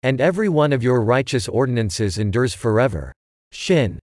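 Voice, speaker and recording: Male scripture reader, varied intonation, dry close sound, measured recitation. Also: mid-range voice, expressive, darkish tone, no echo.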